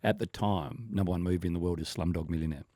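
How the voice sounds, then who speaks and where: A man's voice: deep voice, steady tone, fast, mellow, no echo, studio quality. A middle-aged Australian man hosting a radio show, telling wry anecdotes in casual banter. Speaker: radio host. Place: radio studio.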